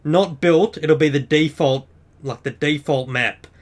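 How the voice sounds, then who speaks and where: A man's voice: fairly high pitch, a little slow. Chatty man guiding a game tutorial. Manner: chatty, upbeat, explains step by step. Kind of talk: screen-recorded game walkthrough.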